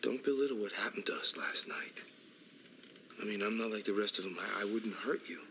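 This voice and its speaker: An actor playing a volatile, obsessive man in a TV horror drama, talking in a hushed, half-whispered voice. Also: lowish voice, a little fast. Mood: pleading. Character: volatile obsessive man, pleading then menacing. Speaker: actor in a horror anthology episode. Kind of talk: TV drama acting. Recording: noisy clip from a TV episode.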